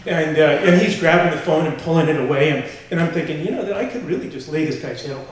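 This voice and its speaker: A man telling a personal story on stage to a live audience, animated and full of fillers, acting out quotes as he goes. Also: fairly high pitch, fast talker. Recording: echoey hall from far off.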